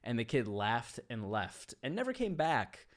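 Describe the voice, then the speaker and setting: A man hosting a casual monologue about a book, telling animated stories and laughing often, turning slower and reflective on the ideas. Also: mid-range voice. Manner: animated storyteller, laughs often mid-sentence. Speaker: host.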